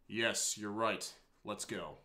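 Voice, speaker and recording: A man voicing a shy, anguished teenage girl in a tearful, halting confession while reading a visual novel aloud. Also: on the low side, sharp tone.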